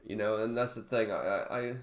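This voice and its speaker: A man speaking in an emotional personal vlog, halting and close to tears, often restarting his sentences. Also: on the low side, reverberant. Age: adult father. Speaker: vlogger.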